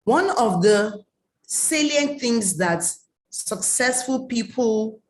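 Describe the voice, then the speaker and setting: A woman's voice: fairly high pitch, animated, slow. A woman, giving an emphatic online coaching talk, scolding and repeating her warnings. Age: late 30s. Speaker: mentoring coach.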